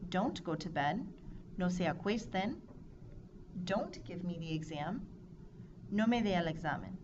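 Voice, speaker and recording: A woman teaching a Spanish grammar lesson, explaining clearly and drilling verb forms in a measured, scripted way. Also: on the low side, expressive. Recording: dull lo-fi recording with audible noise.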